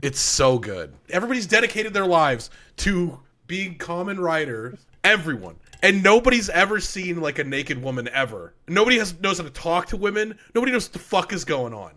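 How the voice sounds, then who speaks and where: A man chatting on a podcast, excitable and joking, swearing freely as he reacts to an anime. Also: high-pitched, brisk, hardly any pauses. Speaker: podcast co-host. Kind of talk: casual podcast chat.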